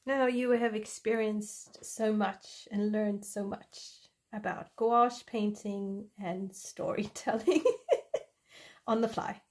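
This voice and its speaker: A woman's voice: mid-range voice, fairly even intonation, slow pace. A woman hosting a coloring livestream, chatting playfully with viewers and making up a story as she goes. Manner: giggly and playful. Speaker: livestream host. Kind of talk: casual chat while coloring, improvising a story.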